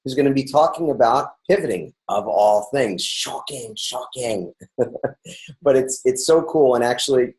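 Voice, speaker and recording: A man's voice: medium pitch, expressive, normal speed, hardly any pauses, a little mellow, poor audio. A middle-aged man from New York hosting a podcast, talking in an upbeat, rambling way with many restarts and fillers. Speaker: podcast host. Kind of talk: casual interview chat.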